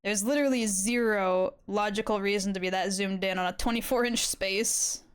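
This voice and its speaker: A woman's voice: medium pitch, normal speed, clean tone. Casual, swearing woman streamer. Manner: casual and rambling, swears often. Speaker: live-streaming artist. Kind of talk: casual chat while drawing.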